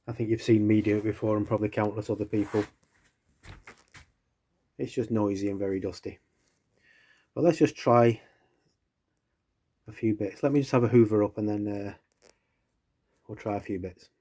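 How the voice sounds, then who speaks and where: A man's voice: fairly low pitch, steady tone, moderate pace, long pauses, mellow, breathy edge. A man chatting casually while he works on a guitar build in his workshop, thinking aloud and poking fun at himself.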